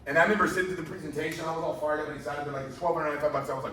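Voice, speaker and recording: Fast-talking man pitching a business. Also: a little hiss or hum. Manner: rhetorical questions, animated storytelling. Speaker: business presenter. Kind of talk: motivational sales presentation. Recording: echoey room from far off.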